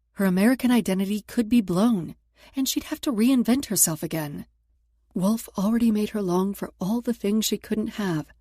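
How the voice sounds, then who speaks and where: A woman narrates a romance audiobook in a steady, even delivery. Her voice is mellow and warm, recorded close and dry with no room sound. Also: medium pitch, breathy edge, no room sound. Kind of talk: scripted narration.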